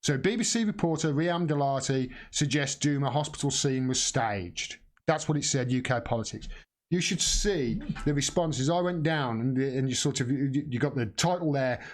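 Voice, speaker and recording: A man's voice: medium pitch, normal speed. A middle-aged man hosting a live political commentary stream, rambling with many restarts and blunt swearing.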